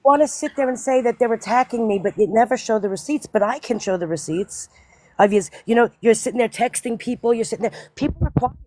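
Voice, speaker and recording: A woman hosting a casual live stream, talking fast and insistently, often asking "you know what I mean". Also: on the high side, darkish tone, no room sound. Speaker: host.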